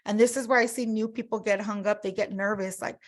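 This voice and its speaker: A woman's voice: medium pitch, fairly even intonation, quick pace. A woman giving a casual sales training talk, chatty, full of fillers and acted-out customer quotes.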